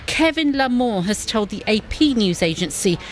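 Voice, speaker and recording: Woman sports reporter, news broadcast, crisp informative read. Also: mid-range voice, animated, normal speed, slight background noise.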